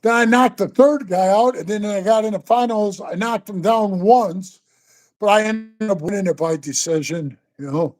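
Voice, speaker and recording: A man's voice: high voice, normal speed. An older man in his sixties spins tall stories in a loose, casual chat. He swears freely and keeps calling the listener bro and man. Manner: profane, animated, says bro and man a lot. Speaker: guest storyteller. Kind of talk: casual storytelling.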